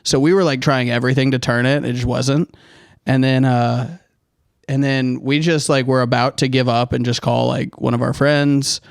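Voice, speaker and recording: A man's voice: little pitch movement, moderate pace, creaky, clean tone, dry recording, studio quality. Young man telling a rambling story. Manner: rambling, laughs through his story; plays quoted people in high voices. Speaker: podcast co-host. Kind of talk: casual storytelling chat.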